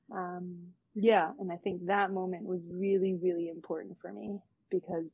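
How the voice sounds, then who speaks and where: A woman's voice: fairly low pitch, creaky. A woman in her thirties tells a personal story on a video call in a candid, casual way, with fillers and the odd swear word. Her voice comes through dull, lo-fi call audio and sounds dry and close, with no room echo. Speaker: child protection worker.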